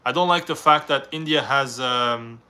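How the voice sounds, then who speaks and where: A man's voice: medium pitch, moderate pace, pushed and bright. A young man from Canada, reading viewers' questions aloud on a live stream and answering them in a casual, rambling way.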